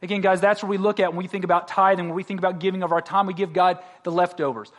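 A man with a fairly high-pitched voice preaches a sermon in a loose, conversational way. He mixes jokes and everyday asides into his points and puts direct questions to the congregation. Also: flat delivery, racing, few pauses. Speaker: pastor.

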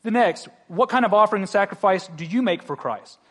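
A man's voice: high voice, expressive, brisk, fairly bright tone. A man pastor preaching a sermon in a conversational way, joking and asking the congregation direct questions.

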